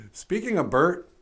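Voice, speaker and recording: Slow, drawling male puppet show host. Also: high voice, a bit bright. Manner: wry, drawling, self-mocking with chuckles. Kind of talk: casual musing monologue.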